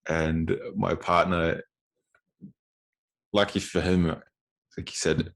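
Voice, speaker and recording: A man's voice: rumbling low, steady tone, normal speed, pauses often. A man in his twenties, a podcast guest, telling a story casually with frequent restarts and acted-out quotes. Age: 20s.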